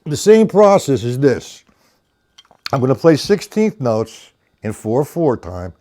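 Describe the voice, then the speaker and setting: Speaking slowly in a mellow, medium-pitched voice, an older drum teacher is very animated during a rambling live-streamed lesson. He counts beats aloud as he explains technique.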